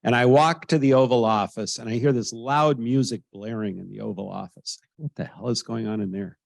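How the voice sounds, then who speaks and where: Brisk and medium-pitched with vocal fry, this sixty-something American man tells a story as an interview guest, animatedly imitating the voices of the people in it. There's no echo.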